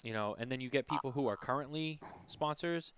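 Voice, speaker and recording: A podcast co-host chats casually in a medium-pitched, smooth voice that's a little fast and a bit bright. His talk is conversational, full of fillers, and he often restarts his sentences.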